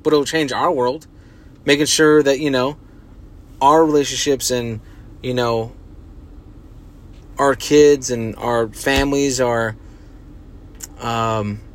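Rambling, profane young man. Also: medium pitch. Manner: rambling, profane, heavy use of filler words. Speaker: podcast host. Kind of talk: casual solo podcast chat.

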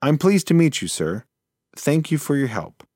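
A small, anxious young mouse from a storybook, pleading eagerly and politely, as a man puts him on. The voice sits well up high and sounds tight and urgent. The recording is dry and close. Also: big pitch swings, normal speed, dark tone, no echo.

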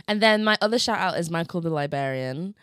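A woman's voice: on the low side, fairly quick, clear, resonant tone, dry recording, clean studio sound. A young woman, co-hosting a casual podcast chat and telling stories animatedly. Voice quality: slightly muffled from chewing gum. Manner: animated storytelling with laughs. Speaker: podcast co-host.

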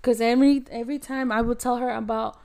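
A young woman tells a school story in casual chat, acting out everyone's lines with lots of laughter. Her voice is on the higher side, with a gravelly, creaky edge running through it. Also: quick pace. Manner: animated storyteller, acts out voices, laughs often.

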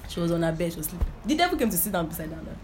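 Loud music plays behind a woman preacher with a fairly low voice that swings widely in pitch as she speaks very fast. She delivers an informal, testimony-filled sermon, repeating herself emphatically and often asking whether listeners get it.

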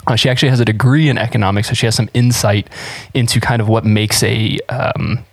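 A man's voice: mid-range voice, fairly even intonation, brisk, no room sound. Podcast host, male, chatty, rambling, restarts a lot; dry, close sound. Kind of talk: casual conversational podcast.

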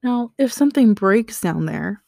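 Slow, chatty woman podcaster. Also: medium pitch, animated, gravelly, mellow, no room sound, clean studio sound. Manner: chatty, slangy asides, joking reactions. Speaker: podcast host. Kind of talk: casual solo podcast explainer.

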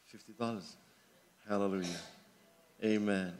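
A man in his seventies from Lebanon, preaching a sermon as pastor, rising fervently and then dropping quiet for personal stories. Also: lowish voice, fairly even intonation, unhurried. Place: church sanctuary. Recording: long hall reverb with faint music.

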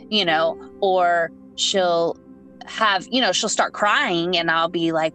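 A woman's voice: lowish voice, fairly even intonation, unhurried, a bit bright, faint music behind, low-quality recording. A woman guest and mother in a casual podcast chat, candidly telling stories and acting out bits of dialogue. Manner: candid, storytelling, acts out quotes from home.

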